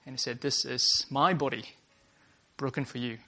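This male preacher speaks earnestly at a mid pitch and moderate pace, his gravelly, creaky voice bright and forceful with fairly even intonation. He frequently restarts phrases, opens lines with "uh," and repeats each point as he moves along.

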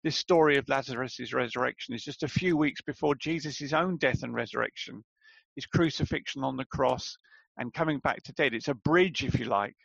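A man's voice: mid-range voice, brisk, creaky, a bit bright, slightly rough, no echo, dull audio. A man preaching a sermon in a conversational way, asking rhetorical questions and calling his listeners friends.

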